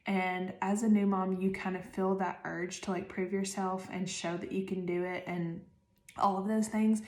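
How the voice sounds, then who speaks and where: A woman's voice: medium pitch, reverberant. A woman in her thirties hosting a podcast, giving casual, chatty advice with lots of fillers and "okay?" checks. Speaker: podcast host.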